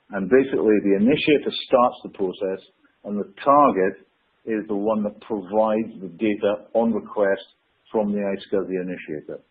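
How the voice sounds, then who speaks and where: A man's voice: mid-range voice, husky. A man presenting a technical webcast lecture in an informal way with dry humor and the odd stumble over his words, heard over a narrow, phone-like line.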